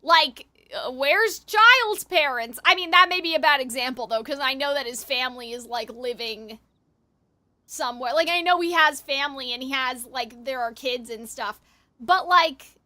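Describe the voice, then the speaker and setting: A woman's voice: high-pitched, measured pace, sharp tone. A young woman streamer reacting emotionally to a game, gushing with lots of fillers. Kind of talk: casual live reaction commentary. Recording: game audio playing behind.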